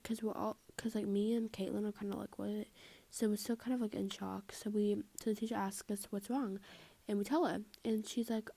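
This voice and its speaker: A woman's voice: medium pitch, vocal fry, mellow, breathy edge. A teenage girl telling a school drama story in a casual storytime style, chatty and exasperated, filling her talk with "like" and often dropping to a whisper.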